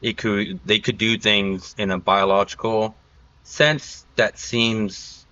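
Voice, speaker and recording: Low, bright-toned man, lo-fi. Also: flat delivery, takes it slowly. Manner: rambling, filler-heavy storytelling. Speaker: podcast host. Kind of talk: casual podcast chat.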